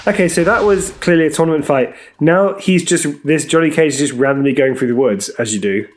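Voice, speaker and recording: A man chatting casually while watching a film, skeptical and quick to argue, with a dry manner. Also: a little high. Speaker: film watch-along co-host. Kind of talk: casual reaction chat over a film. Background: faint film soundtrack music.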